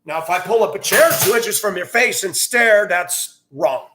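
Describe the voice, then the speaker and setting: Guy ranting crude and loud, mocks people in silly voices, roomy echo. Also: sits high, animated, normal speed, background noise. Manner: crude, loud outbursts with mocking put-on voices. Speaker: host. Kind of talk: ranting monologue.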